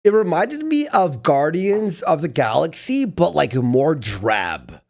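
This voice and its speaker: A man's voice: on the high side, big pitch swings, takes it slowly, vocal fry, darkish tone. A man co-hosting a casual podcast panel, making sarcastic, mocking remarks. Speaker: podcast co-host. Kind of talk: casual panel chat reacting to a video.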